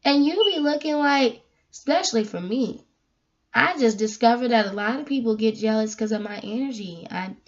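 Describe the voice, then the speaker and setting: A woman vlogger giving a casual spiritual talk, animated and emphatic as she tells stories. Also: on the high side, moderate pace. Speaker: vlogger giving a faith message. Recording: dull lo-fi recording.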